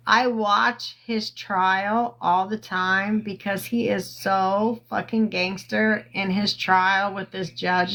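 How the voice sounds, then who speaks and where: Slow, rambling woman livestreaming on her phone. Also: mid-range voice, fairly bright tone, poor audio. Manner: rambling, halting with many fillers, profane. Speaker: livestream host. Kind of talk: casual livestream storytelling.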